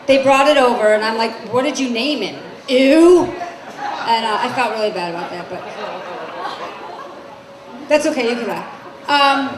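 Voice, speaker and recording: A woman in her forties doing a stand-up comedy set on a club stage, brassy and chatty, questioning the crowd. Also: on the high side. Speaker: stand-up comic. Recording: echoey club with crowd noise. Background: crowd laughter and room noise.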